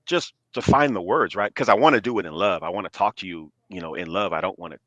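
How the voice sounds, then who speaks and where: A man in his forties, a podcast guest in casual chat, speaking earnestly and at a measured pace, often checking in with "right?". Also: deep voice, a bit bright, no room sound, muffled recording.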